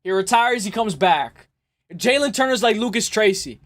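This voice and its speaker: A man hosting a live stream, chatting casually and excitably with his viewers and laughing often. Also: high voice, normal speed. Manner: excitable, laughs often, talks straight to chat. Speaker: livestream host.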